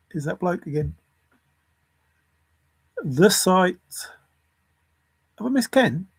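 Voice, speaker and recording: A man with a slightly high, gravelly, husky voice talks slowly to himself, reeling off word lists and chuckling. The sound is dry and close, with no room around it. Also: expressive, no echo. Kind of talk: rambling solo puzzle musing.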